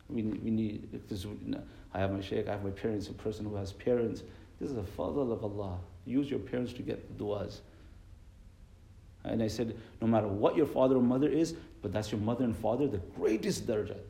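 Low, gravelly-voiced man giving an earnest sermon. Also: brisk, warm tone, reverberant, low-quality recording. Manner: earnest, repetitive, mixes Arabic and Urdu terms. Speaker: imam giving a religious talk.

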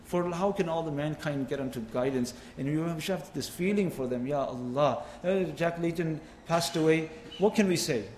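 A man's voice: a little high, moderate pace, hardly any pauses, darkish tone, slight background noise. A man preaching a sermon with impassioned, rising and falling delivery, mixing in Arabic phrases. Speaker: Islamic preacher. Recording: echoey hall, faint ambience.

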